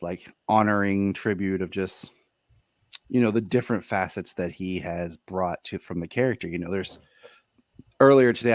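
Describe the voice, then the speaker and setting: A man's voice: lowish voice, no room sound, studio quality. A man chatting casually as a guest, rambling with lots of fillers. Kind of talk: casual chat.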